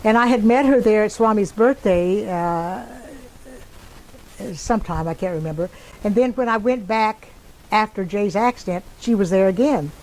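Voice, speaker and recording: A woman's voice: medium pitch, normal speed, a little mellow, rough recording. An older woman with a Texan accent, telling a personal story in a rambling way and acting out the voices of the people in it. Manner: rambling, acts out quoted voices. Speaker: interviewee.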